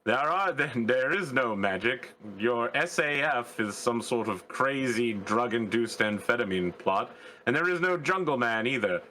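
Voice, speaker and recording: A man's voice: medium pitch, animated, measured pace, pushed and bright, a little hiss or hum, poor audio. A man voicing a pompous, bluffing English adventurer in a faked Southeast London accent. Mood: smug. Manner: breezy, condescending, chummy phrases.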